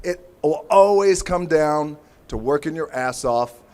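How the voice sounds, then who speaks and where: A man in his forties speaks off the cuff at an outdoor ceremony, his voice sitting a little high for a man. He thanks people one by one and slips in playful jokes at his own expense. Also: animated, measured pace, a little mellow. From United States. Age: 40s. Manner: playful, self-mocking asides. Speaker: honoree giving an acceptance speech. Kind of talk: unscripted ceremony speech.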